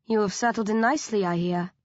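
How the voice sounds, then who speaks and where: A woman voicing a calm, courteous older male doctor who speaks softly and formally. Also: mid-range voice, quick pace, no room sound, dull audio, close to an everyday voice. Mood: gentle. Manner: soft-spoken, formal.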